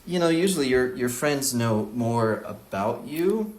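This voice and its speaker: A young man trades jokes on a podcast and tells tall tales with a straight face. His pitch moves a lot, but his delivery stays dry and relaxed. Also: measured pace, roomy sound, a little hiss or hum. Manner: deadpan joker, straight-faced tall tales. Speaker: podcast co-host. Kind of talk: casual chat.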